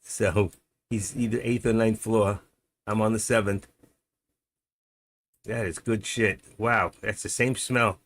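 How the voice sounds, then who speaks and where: A man's voice: on the low side, fairly even intonation, takes it slowly, pauses often. A middle-aged man hosting a live stream, chatting casually and rambling to himself as he trades. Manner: rambling, muttering to himself, chuckling storyteller. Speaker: livestream host and day trader. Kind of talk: casual live-stream chat while trading.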